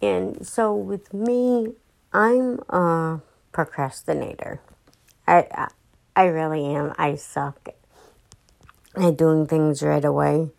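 A woman's voice: sits low, slow, creaky, long pauses, a little mellow, rough recording. An exhausted young woman rambling through a casual podcast monologue, full of fillers and restarts. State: exhausted and fatigued. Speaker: podcast host.

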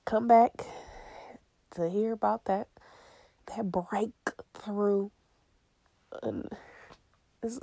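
A young woman hosts her own podcast in a loose, rambling solo chat. Her voice is gravelly with a dark, mellow tone, and her pace is unhurried. The sound is close and dry, with no room around it. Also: mid-range voice, no room sound. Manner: rambling, chatty, laughs often, drifts into whispers. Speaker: podcast host.

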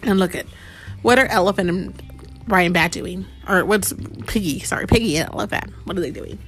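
A woman reading a picture book aloud to a child, animated and asking the child many questions. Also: medium pitch, a little fast, soft background music. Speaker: reader to a child.

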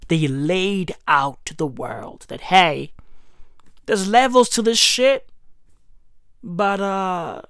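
A woman with doing a casual rant commentary, animated, profane and mocking. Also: deep voice, dry recording, studio quality.

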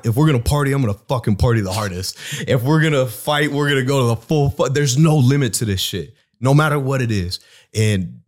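A man from Southeast Iowa, a personal trainer, telling blunt, profane stories in a casual podcast chat. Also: on the low side.

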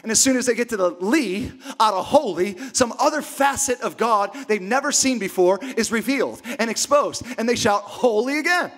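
A male pastor delivers a sermon in a notably high voice. He preaches emphatically, repeating key words, climbing to shouts and then sinking to a hush. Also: expressive, normal speed, hardly any pauses. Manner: emphatic preaching with repetition, swings from loud shouts to hushed near-whispers.

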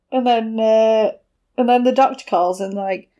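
A woman's voice: on the high side, takes it slowly, warm tone. A woman in casual chat, recapping a film with giggles and silly voices for the people in it. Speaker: podcast co-host.

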